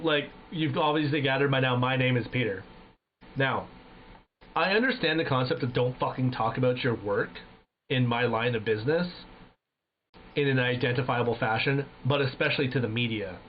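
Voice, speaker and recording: A man's voice: mid-range voice, normal speed. A man streaming and casually telling anecdotes, swearing often and acting out the people in his stories. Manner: profane, animated, acts out voices in anecdotes. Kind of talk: casual storytelling chat. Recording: tinny phone-like sound with faint noise.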